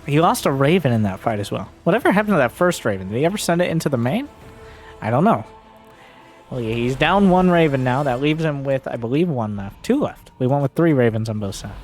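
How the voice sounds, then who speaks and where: A man giving solo play-by-play commentary on a strategy game, getting excitable and shouting when fights break out. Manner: excitable, voice jumps high and shouts during fights. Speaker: esports caster.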